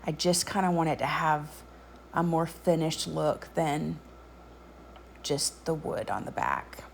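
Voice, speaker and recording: A woman narrating a craft tutorial voice-over in a relaxed, chatty way with frequent ums. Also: deep voice, slow pace, gravelly, a little hiss or hum.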